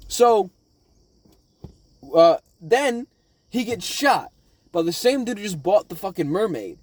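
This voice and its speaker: Guy ramblin about an anime at home, swears a ton, kinda high voice, dry sound. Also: slow pace, long pauses, no echo. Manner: profane, excitable, animated. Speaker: anime reaction vlogger. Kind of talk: casual rambling recap.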